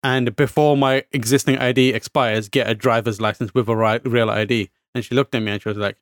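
A UK man with a mid-range voice, speaking fairly quickly, co-hosts a podcast and tells a story in casual chat. He animatedly acts out the voices, swears, and uses lots of fillers, all in clean studio sound with no room sound.

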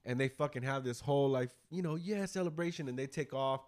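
A man's voice: medium pitch, fairly even intonation, fast, darkish tone. A man hosting a casual podcast, retelling a movie in a rambling, profane way. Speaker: podcast host. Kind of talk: casual chat.

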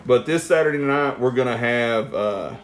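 Profane storyteller in an echoey room. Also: male voice, medium pitch, moderate pace, soft background music. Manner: profane, rambling storytelling with lots of laughter. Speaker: guest storyteller. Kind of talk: casual podcast chat. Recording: roomy echo.

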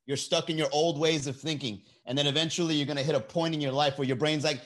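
A man hosting a comedy podcast, talking in a profane, animated, laughing monologue to a live chat. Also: a little high, fast talker, few pauses. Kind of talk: casual comedy monologue on a livestream. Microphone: desk mic with mixer.

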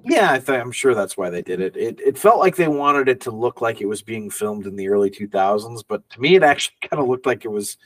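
A man's voice: medium pitch, lively intonation, a little fast, hardly any pauses, distant mic. A man co-hosting a podcast, chatting casually and wryly about a film. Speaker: podcast co-host. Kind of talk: casual film review chat. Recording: mic set back, dry room.

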